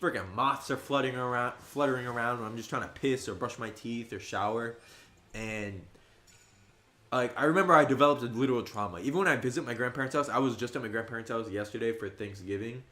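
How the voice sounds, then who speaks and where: An animated young man in his twenties, talking casually as he streams a game. His voice sits at an ordinary middle pitch, and he leaps up high and loud whenever he quotes his friends. The room gives the sound a roomy echo. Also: quick pace. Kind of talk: casual livestream chat.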